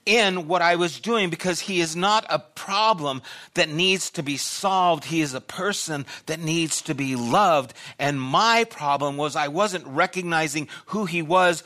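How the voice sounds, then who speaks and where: An older man preaching a sermon as pastor, telling a personal story with loud bursts and quiet asides. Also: fairly high pitch.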